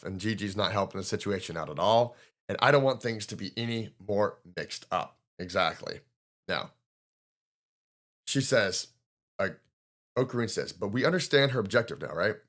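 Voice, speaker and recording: A man hosting a podcast, casually recapping a manga chapter, excitable and quick to laugh, acting out the characters' lines in playful voices. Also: fairly low pitch. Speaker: podcast host.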